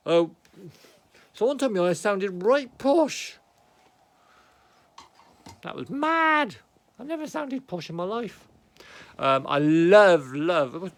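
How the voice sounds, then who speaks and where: Chatty British man with a gravelly voice. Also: fairly high pitch. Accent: British English. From Britain. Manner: chatty, excitable, self-mocking, often mutters aside. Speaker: hobby miniature painter vlogger. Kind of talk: rambling casual show-and-tell. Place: home office.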